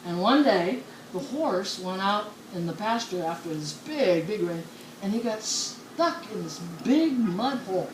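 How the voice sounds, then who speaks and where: A woman telling jokes in a casual, animated way, often laughing as she goes. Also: medium pitch, measured pace. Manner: giggly, animated storyteller. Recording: echoey room with background noise.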